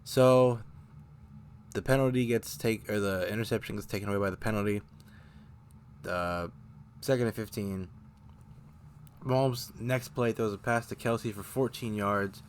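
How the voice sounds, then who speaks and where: Lowish-voiced man recapping a football game. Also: unhurried, long pauses, a little hiss or hum. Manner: rambling, self-correcting, gets heated. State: choking up, briefly coughing. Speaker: fan show host. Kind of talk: casual sports recap.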